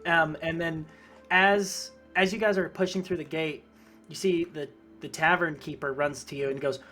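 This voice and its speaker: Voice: medium pitch, fairly even intonation, normal speed, pushed and bright, soft background music. A game master narrating a tabletop game casually, with many fillers.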